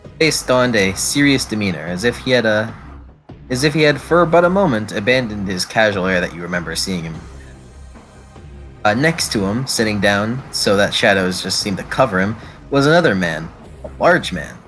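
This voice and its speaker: A man narrating a tabletop role-play game as its game master, describing scenes with fillers and quick self-corrections. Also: lowish voice, expressive, fairly bright tone, rough recording. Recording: faint background music.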